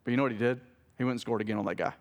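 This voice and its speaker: A pastor in his thirties races through his sermon in a medium-pitched voice. It's conversational preaching, full of family stories and jokes with the congregation that he corrects as he goes.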